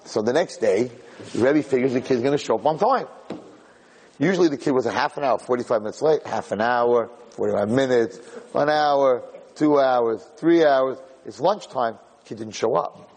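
A man giving a storytelling class as a rabbi to a live group, rambling with restarts and climbing to loud, high peaks. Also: normal speed, slightly rough. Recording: echoey hall.

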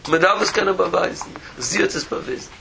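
A man giving a Torah lecture as a rabbi, animated, with rhetorical questions and repeated phrases. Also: high voice, rapid-fire, vocal fry, noisy background.

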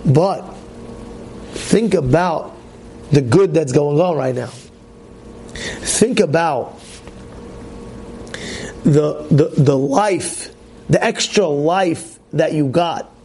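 A man, a rabbi, giving an animated sermon on the weekly portion, asking rhetorical questions and acting out voices of complaining people. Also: extremely slow, pauses often, a little hiss or hum. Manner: animated storytelling, acts out complaining voices in loud high shouts; repetitive, rhetorical questions to the listeners.

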